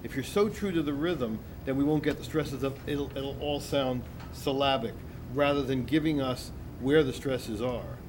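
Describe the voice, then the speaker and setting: A man's voice: medium pitch, normal speed, hardly any pauses. Stammering male vocal coach, noisy recording. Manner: explanatory, stammering restarts. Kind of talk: masterclass coaching.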